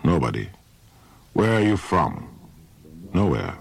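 A man's voice: low-pitched, very animated, takes it slowly, gravelly, full character voice. A man voicing a weary, guarded male sea captain with terse replies.

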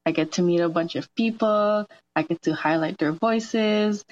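A woman guest on a radio show talks earnestly about her work. Her voice sits a little low, and she sometimes pauses to search for the right word. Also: darkish tone, muffled recording. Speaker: guest, massage therapist. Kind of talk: radio interview. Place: radio studio.

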